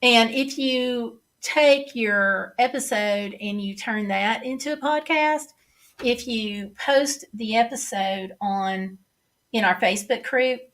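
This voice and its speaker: Her voice is a little high and fairly bright, delivered at a measured pace. She is a middle-aged woman with a Southern drawl hosting a casual livestream, chatting and reading comments aloud before answering them.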